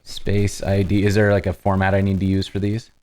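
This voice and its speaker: Host, male, deep voice, narrates his coding steps casually, keys clacking behind. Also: completely flat delivery, darkish tone. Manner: talks through each step as he types, halting restarts. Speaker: host live-coding on stream. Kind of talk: casual live-coding chat.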